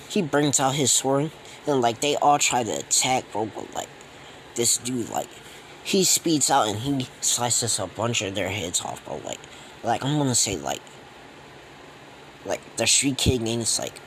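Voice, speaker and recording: A man's voice: medium pitch, a bit bright, slight background noise, poor audio. Rambling, slangy young man. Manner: rambling and slangy, many fillers. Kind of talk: casual retelling of a fan story.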